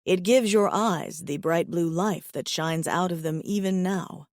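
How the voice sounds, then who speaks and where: A woman voicing a gentle, devoted male alien lover in an audiobook, speaking slowly and gravely. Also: lowish voice, no room sound, clean studio sound, pitched below the performer's own voice. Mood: earnest. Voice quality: gentle, earnest. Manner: slow grave measured speech. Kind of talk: audiobook character voice.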